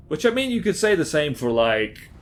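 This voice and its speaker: A man's voice: a little high, sing-song, moderate pace, a little hiss or hum. A man giving casual gameplay commentary as a YouTuber, talking in a chatty, rambling, self-deprecating way with lots of fillers. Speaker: gaming YouTuber.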